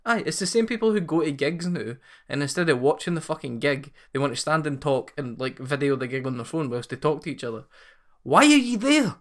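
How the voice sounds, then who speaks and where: Scottish guy ranting in a sweary chat, a bit high-voiced. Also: fast, hardly any pauses. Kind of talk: casual chat.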